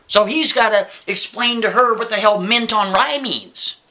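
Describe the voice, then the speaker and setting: A man telling a story in a casual, animated way, often turning to the listener with quick asides. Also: sits high.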